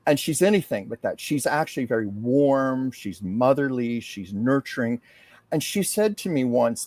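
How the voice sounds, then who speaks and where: A psychic medium hosting his own show speaks in a mid-range, animated, darkish voice, talking earnestly and casually about a channeled message. He's heartfelt and slows down when reading aloud. The sound has no echo.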